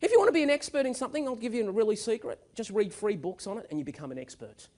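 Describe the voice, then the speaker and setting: High, animated man giving a keynote. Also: very fast. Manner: energetic, emphatic storyteller. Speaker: keynote speaker. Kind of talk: motivational keynote speech. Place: stage at a live event.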